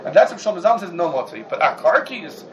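A man teaching a Talmudic lecture, lively and full of rhetorical questions, dropping Hebrew and Yiddish terms. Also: high-pitched, fast, highs cut off. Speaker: Torah class teacher.

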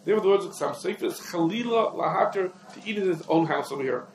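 A man teaching a lecture on Jewish law, explaining rapidly and peppering his English with Hebrew legal terms. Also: high-pitched, expressive, noisy background. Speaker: rabbi teaching a class. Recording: echoey room.

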